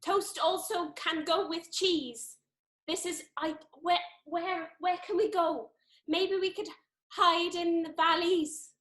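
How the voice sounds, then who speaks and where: Woman playing a nervous South Wales suspect; high voice, pleading, echoey video-call room. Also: steady tone, slow, fairly bright tone, heavily acted. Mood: anxious. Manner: anxious and pleading. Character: nervous woman suspect hiding out at a food festival. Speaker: improv performer. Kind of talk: live improv comedy.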